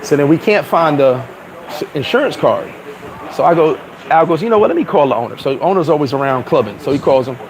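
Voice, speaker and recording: A man vlogging outdoors, telling a story in a loose, animated way, swearing and acting out other people's voices. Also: fairly high pitch, fast talker, low-quality recording. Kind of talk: casual storytelling to camera. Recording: street crowd noise behind.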